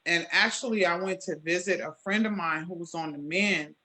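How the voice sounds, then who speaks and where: A woman jewelry maker being interviewed, telling her story in a lively way and acting out the conversations she recalls. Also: fairly low pitch, moderate pace. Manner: animated storyteller, acts out quoted exchanges.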